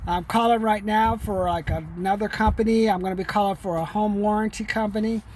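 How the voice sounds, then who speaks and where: A man's voice: sits high, fairly even intonation, brisk, a little mellow, slight background noise. A middle-aged man talking to his camera in a loose, rambling way, streetwise and peppering his talk with "man". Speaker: vlogger. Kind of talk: casual rambling monologue.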